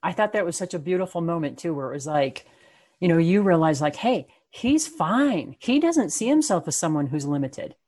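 A woman with a fairly low voice conducts a conversational interview. She reflects back what her guest has said in an affirming, thoughtful way. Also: expressive, brisk, mellow.

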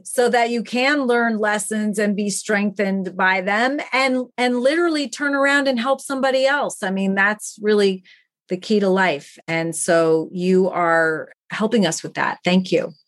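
A woman guest on a podcast, telling stories in an earnest, animated way about the work she does. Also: medium pitch, a little slow. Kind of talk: enthusiastic interview talk.

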